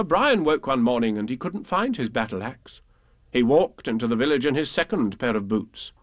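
A man reading children's poems and stories aloud in an expressive, lilting way. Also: medium pitch, normal speed, dry recording, clean studio sound. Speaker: reader.

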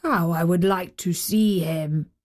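A woman voicing a huge old male giant in a storybook reading, speaking slow, deep and weighty. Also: a little mellow. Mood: tender.

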